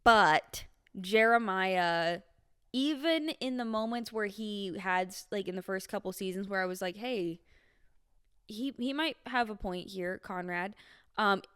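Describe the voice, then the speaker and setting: A woman's voice: mid-range voice, measured pace, a bit bright, clear, resonant tone. A young woman in her twenties co-hosting a podcast in casual chat, chatty and self-mocking, laughing often. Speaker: podcast co-host.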